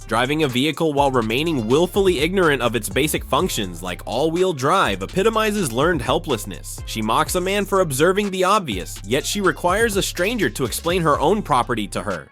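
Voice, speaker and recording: A man's voice: a little high, fairly bright tone. A man reading scripted commentary in a cold, lecturing, critical tone.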